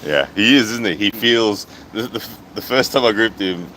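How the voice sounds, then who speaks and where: A man's voice: lowish voice, normal speed, noisy background. A man hosting a casual livestream, reading out viewer comments as he chats. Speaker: livestream host. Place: outdoors at a hotel poolside.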